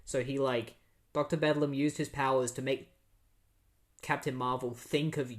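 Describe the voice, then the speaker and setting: A man's voice: mid-range voice, level tone, normal speed. Easygoing young man recapping comics. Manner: rambling, filler-heavy, easygoing. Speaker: podcast host. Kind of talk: casual comic book recap.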